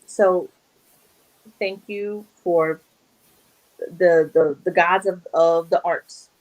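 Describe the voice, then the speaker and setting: A young actress, appearing as a guest in a casual interview, speaks in a lowish voice and draws out her words on a rough recording. She tells stories with lots of energy, acts out the dialogue she quotes, and laughs often.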